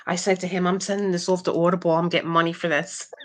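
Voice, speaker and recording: A woman's voice: on the low side, little pitch movement, quick pace. A middle-aged woman hosting a live craft stream, chatting casually and animatedly, reading viewer comments aloud and laughing often.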